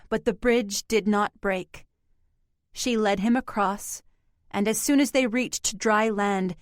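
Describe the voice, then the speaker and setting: A woman narrating an audiobook with measured, even storytelling. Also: medium pitch, dry recording, studio quality.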